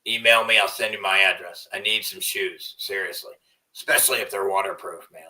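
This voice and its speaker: A man's voice: sits low, a little fast, sharp tone, distant mic, poor audio. A man hosting a livestream in a rambling, profane way, often trailing off into mumbles. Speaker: livestream host. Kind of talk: casual livestream rant.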